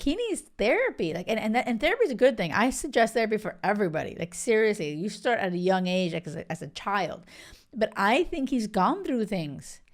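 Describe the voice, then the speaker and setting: A woman hosting a casual, animated gossip chat with lots of fillers. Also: mid-range voice. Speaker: host.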